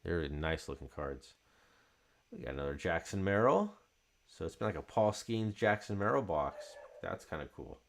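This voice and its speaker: A man's voice: deep voice, expressive, normal speed, gravelly. A man hosting a card break, chatting casually and calling out card names as he opens packs.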